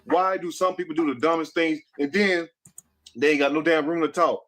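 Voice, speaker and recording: A man's voice: on the high side, fairly even intonation, fairly quick, fairly bright tone. A man doing blunt, mocking gossip-news commentary with plenty of profanity. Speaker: commentary YouTuber in a played clip.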